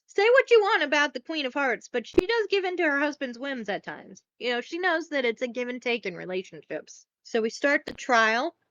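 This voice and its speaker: A woman's voice: high-pitched, big pitch swings, moderate pace, hardly any pauses, a bit bright, no echo, lo-fi sound. A woman hosting a podcast, casually recapping a film in a chatty, rambling way with some swearing. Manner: chatty, swearing, rambling with fillers and self-corrections. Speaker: podcast host.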